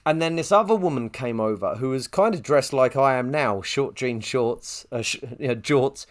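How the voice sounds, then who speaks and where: A man co-hosting a podcast, telling a long anecdote and jumping into high quoted voices. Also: normal speed. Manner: animated storyteller, jumps pitch for quoted voices. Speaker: podcast co-host.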